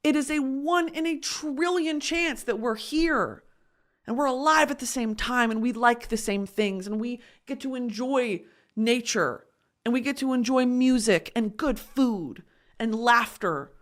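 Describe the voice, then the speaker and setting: A woman's voice: a little high, measured pace. A woman hosting a podcast, talking in an earnest, emotional personal monologue. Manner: emotional, earnest, tearful at times. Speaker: podcast host.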